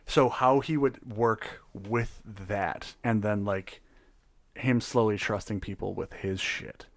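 A man's voice: on the low side, fairly even intonation, slow, no room sound. A man running a tabletop game, chatting casually and animatedly, laughing often and swearing freely. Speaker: game master.

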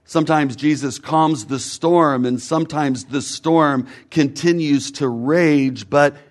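A man preaching a sermon in a measured way, building rhythmic lists whose last words fall away. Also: a little high.

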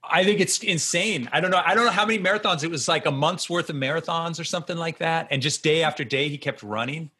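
A man's voice: fairly high pitch, fast talker, few pauses, husky. A man hosting a podcast, rambling casually as he tells stories and asks questions. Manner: rambling, animated storytelling. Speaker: podcast host. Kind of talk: casual interview.

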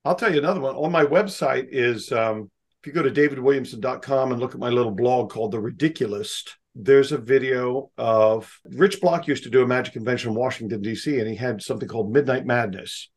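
A man, a magician, telling lively anecdotes as an interview guest. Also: mid-range voice. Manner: lively, doing quick voices for others. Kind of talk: anecdotal storytelling.

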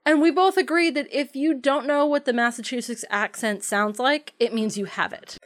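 A woman's voice: high-pitched, normal speed. A woman co-hosting a podcast in a casual, chatty film discussion. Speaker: podcast co-host.

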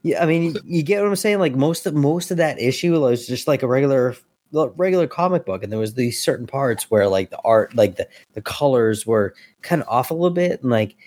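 A man's voice: medium pitch, animated, fairly quick, a little mellow, dry recording. A man appearing as a podcast guest, chatting casually about comics in a loose way, with lots of fillers and some swearing.

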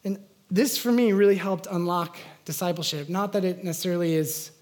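A man's voice: high-pitched, fairly quick, darkish tone. A man preaching a sermon as pastor, in an earnest, conversational way with frequent fillers and restarts.

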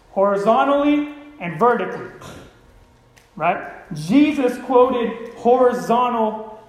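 A man's voice: high voice, roomy sound, poor audio. A man preaching a sermon as pastor, conversational and often checking in with the congregation. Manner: conversational, keeps asking the congregation "right?".

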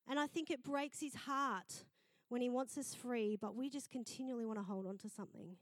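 A middle-aged woman pastor, preaching a sermon in a lively storytelling manner. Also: fairly high pitch, moderate pace, no room sound. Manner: lively storytelling, acting out quoted voices.

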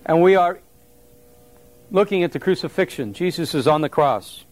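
A man with a high voice preaches a sermon, talking to the congregation in a loose, conversational way. He gets animated and checks in with the listeners as he goes. The sound is dry and close, with little room echo. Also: normal speed. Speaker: pastor.

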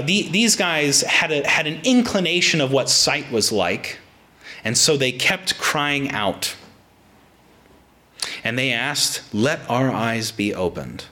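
Young male preacher, lively bright delivery, casual sermon with frequent restarts. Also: medium pitch. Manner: animated, frequent restarts, acts out quotes. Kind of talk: sermon with personal anecdote.

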